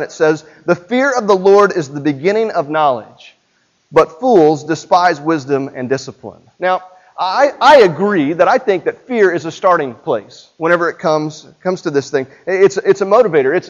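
A high-pitched man preaches a sermon as pastor, speaking to his congregation in a chatty way and asking them questions. He is in a church, and the recording is slightly dull and lo-fi. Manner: conversational, asks the congregation direct questions.

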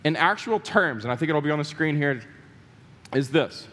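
A man's voice: on the high side, lively intonation, moderate pace, a bit bright, in a large hall. A man preaching a sermon to his church, emphatic, repeating key words and putting questions to the congregation. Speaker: pastor. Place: church sanctuary.

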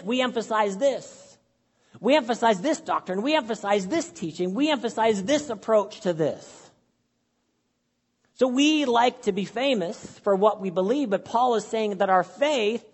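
A man with a high voice preaches to his congregation in an earnest, conversational way, leaning on repetition to drive points home. The sound carries a long hall reverb from the church sanctuary. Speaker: pastor. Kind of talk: sermon.

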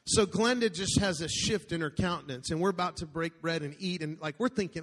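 A middle-aged man preaching a sermon, an animated storyteller who jokes and calls out to the congregation. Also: high-pitched, fairly quick, hardly any pauses. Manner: animated, joking storyteller with call-outs to the congregation. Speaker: pastor. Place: large church auditorium. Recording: long hall reverb.

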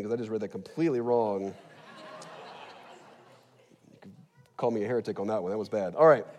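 Middle-aged guy preaching, chatty and lively, big echoey church hall. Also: medium pitch. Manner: lively, conversational preaching with asides and laughs. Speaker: pastor. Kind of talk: sermon. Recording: long reverb in a large hall.

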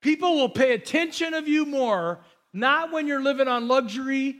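Man, pastor, very high voice, conversational sermon, joking asides, repeats words as he goes. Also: lively intonation, normal speed, fairly bright tone.

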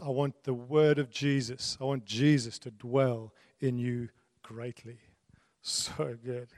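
A man's voice: mid-range voice, darkish tone, no room sound, clean studio sound, big-room sound. A man preaching a sermon in an earnest way, repeating key phrases and laughing now and then. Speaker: pastor.

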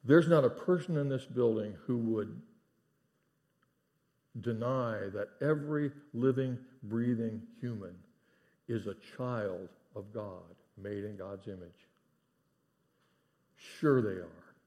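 A middle-aged man preaching a sermon in a church, earnest, dropping to hushed tones for emphasis. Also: fairly low pitch, slow, pauses often. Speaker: pastor. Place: church sanctuary.

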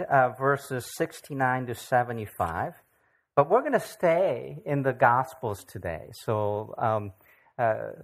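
Halting Bible study teacher with many fillers. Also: medium pitch. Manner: halting, many fillers, keeps checking in with "okay?". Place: church gathering.

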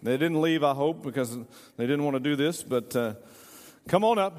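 High-voiced pastor, playful and quick. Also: male voice, a little mellow. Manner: playful, jokey, hurries volunteers along. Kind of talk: sermon with a staged reenactment. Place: church sanctuary. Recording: reverberant church hall.

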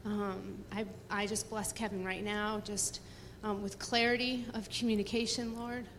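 A woman prays aloud before a congregation in a gentle, earnest voice that sounds close to tears. Her voice echoes with a long reverb through a large hall, over a faint room hum. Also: medium pitch, level tone, measured pace. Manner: soft, tearful, earnest. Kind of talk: spoken prayer in church.

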